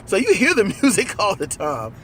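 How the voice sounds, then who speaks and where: A man in casual, animated conversation about a movie, riffing with profanity and acting out lines while riding in a car. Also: high-pitched, normal speed, a little hiss or hum. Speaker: co-host.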